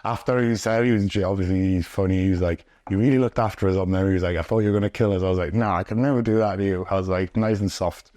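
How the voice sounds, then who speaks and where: A man's voice: low-pitched, steady tone, racing, hardly any pauses, dark tone, dry recording, clean studio sound. A young man from the UK, a pro wrestler telling stories in a rambling, sweary, filler-heavy way in a sit-down interview. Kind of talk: casual storytelling.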